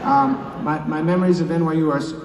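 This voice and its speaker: A middle-aged man speaks sincerely and haltingly, repeating words as emotion catches him. His voice is a touch high. He sounds far off in a big hall with long reverb, over crowd noise. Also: expressive. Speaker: commencement speaker. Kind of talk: commencement speech. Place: large ceremony venue with an audience. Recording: echoey hall, distant mic, crowd noise.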